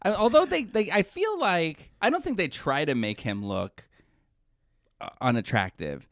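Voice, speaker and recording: A man's voice: on the high side, sing-song, unhurried, fairly bright tone, no echo. Man, podcast co-host, casual chat, giggly, rambling, dry sound. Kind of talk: casual chat about TV shows.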